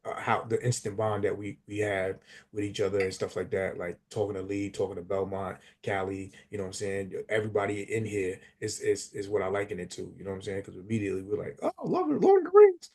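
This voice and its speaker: A man chatting casually on a livestream, telling stories in an animated, slangy way. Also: deep voice, fast. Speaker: community member on a livestream. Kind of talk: casual chat.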